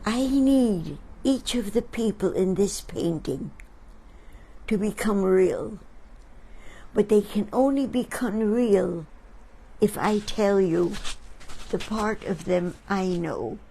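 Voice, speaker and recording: A woman hosting a talk, telling reflective stories about friends to an audience in a slow, thoughtful way. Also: mid-range voice, gravelly, mellow, slight background noise, low-quality recording. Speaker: artist and host.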